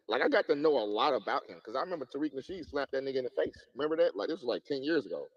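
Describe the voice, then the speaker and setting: A man's voice: medium pitch, big pitch swings, racing, dry recording, lo-fi sound. A man in an online voice chat, telling a story in a rambling way and defending himself. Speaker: chat participant.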